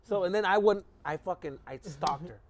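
A man telling a story in a casual podcast chat, animated and profane, acting out the people in it. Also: high-pitched, moderate pace, no room sound. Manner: animated, profane, acts out voices in his story. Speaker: podcast guest.

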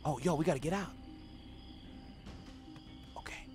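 A young man streaming a video game, giving profane running commentary that swings between low muttering and sudden yelling. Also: unhurried, faint music behind. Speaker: gaming streamer. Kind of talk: live gameplay commentary.

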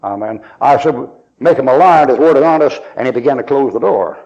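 A man's voice: mid-range voice, fast talker. A man preaching a sermon, telling folksy stories and acting out the other people's lines. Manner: folksy, animated storytelling with quoted voices. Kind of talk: storytelling sermon. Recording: dull lo-fi archival sermon tape.

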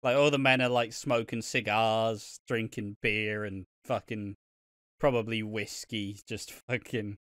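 A man's voice: lowish voice, steady tone, unhurried, fairly bright tone, dry recording, studio quality. A young man co-hosting a casual podcast, swearing often and laughing as he rambles about a soap. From Britain. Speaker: podcast co-host. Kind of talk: casual chat.

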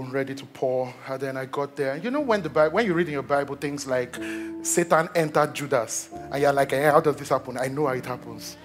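A young Nigerian man, a pastor, telling a story in a sermon, joking with the congregation as he goes. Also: medium pitch. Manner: animated storytelling, jokes with the congregation.

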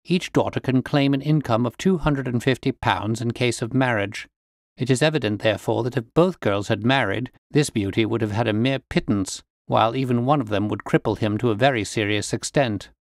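A man voicing a calm detective who speaks in a cool, bland, dryly amused way. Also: medium pitch, brisk, dry recording, clean studio sound, close to an everyday voice. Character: calm, witty male detective, unflappable.

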